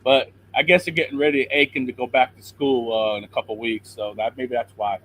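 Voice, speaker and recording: A middle-aged man calling in to a talk show over a video call, a little hoarse, talking earnestly and preaching from scripture. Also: medium pitch, steady tone, fairly quick, a bit bright, slight background noise, rough recording. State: slightly hoarse throat. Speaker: caller. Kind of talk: call-in chat and Bible encouragement.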